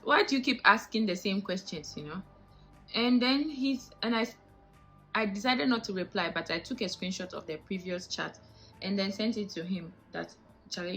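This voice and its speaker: A young Ghanaian woman vlogs to her camera with a bright, forceful voice and a clear Ghanaian English accent. She is animated and indignant, with lots of rhetorical questions. Faint music plays under her. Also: mid-range voice, rough recording. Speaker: vlogger. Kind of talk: casual vlog monologue.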